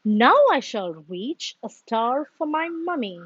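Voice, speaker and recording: A woman's voice: on the high side, very animated, slow, a bit bright, breathy edge, dry recording, muffled recording, full character voice. A woman voicing a little brown bear cub in a children's storybook, speaking in a sweet, earnest way. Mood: hopeful.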